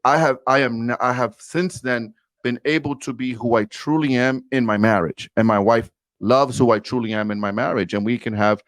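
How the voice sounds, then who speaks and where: A man in his forties, mid-pitched, talks with conviction and leans on his words for emphasis. He tells his personal story candidly and calls the listener brother. The recording is dry and close, with no room sound. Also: steady tone, moderate pace, no echo. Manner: earnest, emphatic, addresses the host as brother. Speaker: podcast guest.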